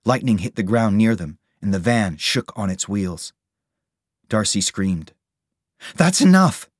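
A man reading a storybook aloud as narrator, steady and measured. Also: lowish voice, dry recording, clean studio sound.

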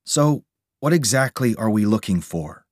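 A man voicing a calm, questioning older male scientist. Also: on the low side, a little slow, dry recording, studio quality. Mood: curious.

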